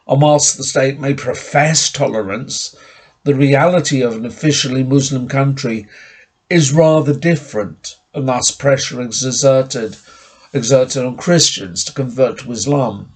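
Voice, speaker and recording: Husky man giving a formal sermon. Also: medium pitch. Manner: measured, formal lecturing tone. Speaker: preacher.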